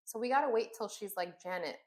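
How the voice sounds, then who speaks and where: A woman's voice: mid-range voice, fast, darkish tone. A woman co-hosting a podcast, chatting casually, agreeable and supportive, often laughing. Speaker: podcast co-host. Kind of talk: casual chat.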